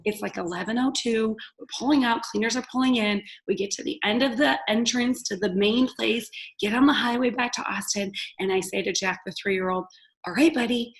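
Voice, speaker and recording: A woman, a podcast guest telling a story with lively, loud acted-out quotes. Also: fairly high pitch, fairly quick, gravelly, hardly any pauses, poor audio. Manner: animated, acts out quotes loudly, laughs often. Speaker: podcast guest, business owner. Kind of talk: casual storytelling.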